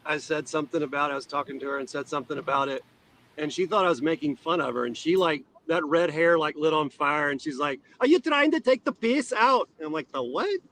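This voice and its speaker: A man talking casually as a guest, telling relaxed, folksy stories. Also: on the high side, fast talker, a little hiss or hum, low-quality recording. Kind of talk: casual chat.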